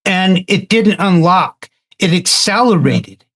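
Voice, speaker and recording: A man in a casual roundtable discussion, telling a story in a halting way and often repeating words. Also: high voice, animated, fairly bright tone. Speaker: roundtable participant.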